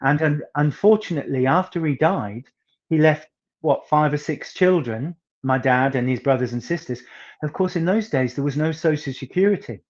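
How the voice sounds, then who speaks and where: A singer from northeast England with a soft northeast English accent talks as an interview guest. He tells stories in a chatty, anecdotal way and leans on words with theatrical emphasis. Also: on the high side, moderate pace, muffled recording.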